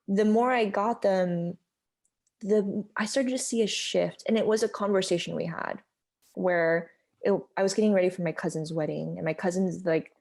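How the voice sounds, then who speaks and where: Warm-voiced American woman telling her story. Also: lowish voice, creaky. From United States. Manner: candid, heartfelt, peppered with "like" and "you know". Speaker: podcast guest. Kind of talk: personal storytelling in conversation.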